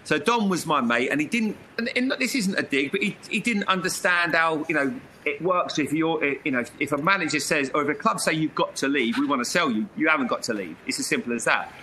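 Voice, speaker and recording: A man's voice: a little high, lively intonation, brisk, bright, forceful tone, slight background noise. A middle-aged man, a former footballer, telling stories in an interview and often laughing as he talks. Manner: laughs through his stories. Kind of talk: anecdotal interview storytelling.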